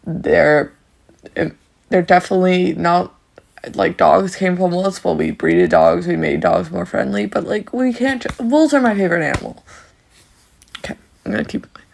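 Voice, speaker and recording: A man's voice: high-pitched, very animated, moderate pace, creaky. A man playing through a story game, breaking off for casual, rambling asides. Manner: rambling, self-interrupting asides. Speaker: story game player and reader. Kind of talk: casual commentary between story lines.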